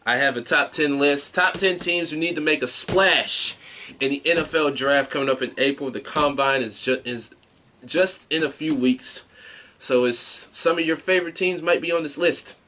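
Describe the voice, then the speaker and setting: Excitable higher-pitched man on a podcast. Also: normal speed, slight background noise. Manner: blunt, excitable, swears freely. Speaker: podcast co-host. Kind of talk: casual chat.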